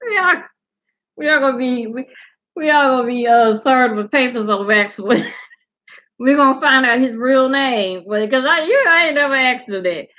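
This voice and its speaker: A woman, hosting a show and chatting casually, animated and swearing freely. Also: high-pitched, moderate pace, lo-fi sound. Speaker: podcast host. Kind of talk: casual chat.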